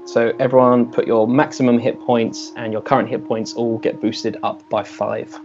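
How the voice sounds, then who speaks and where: Male game master, relaxed narration, faint music behind, muffled recording. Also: mid-range voice, moderate pace. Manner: loose, relaxed narration with fillers.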